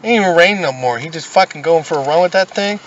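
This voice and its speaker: A man's voice: fairly high pitch, animated, fast talker. A man co-hosting a podcast in casual chat, laid-back and profane, telling a long joke. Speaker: podcast co-host. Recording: dull, distant mic with faint noise.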